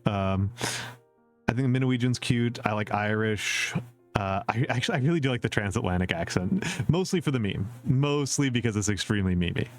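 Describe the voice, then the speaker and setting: A man's voice: on the low side, brisk, soft background music. A man from the Upper Midwest of the US chatting casually on a live stream, rambling and repeating himself with lots of fillers. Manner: chuckles at his own jokes. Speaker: VTuber streamer answering viewer questions.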